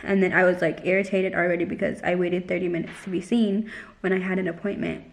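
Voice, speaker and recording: A woman's voice: fairly low pitch, flat delivery, quick pace, creaky. Chatty young woman vlogger. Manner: chatty, heavy use of "like", retells dialogue. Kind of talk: casual storytime vlog.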